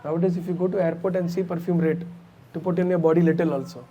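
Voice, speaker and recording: A man's voice: on the high side, fast talker. Man giving a chatty sermon. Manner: animated, conversational, with asides to the audience. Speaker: preacher. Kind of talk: sermon storytelling. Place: temple hall.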